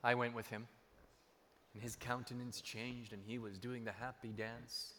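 A man's voice: medium pitch, little pitch movement, unhurried, sharp tone, slight background noise. A man preaching a sermon. He tells personal stories and repeats key phrases for emphasis. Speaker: pastor. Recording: long hall reverb.

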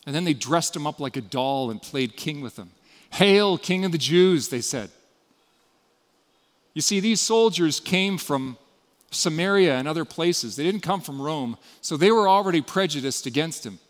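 A man giving a sermon, retelling a story with dramatic shifts between loud emphasis and hushed passages. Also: a little high, lively intonation, normal speed, in a large hall. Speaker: preacher.

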